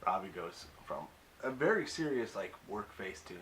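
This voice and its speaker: A man's voice: on the low side, very animated, normal speed, fairly bright tone, a little hiss or hum, low-quality recording. A young man recapping a TV episode in a casual, rambling way, full of fillers and wry offhand asides. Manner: rambling, hesitant, many fillers. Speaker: YouTube recap reviewer.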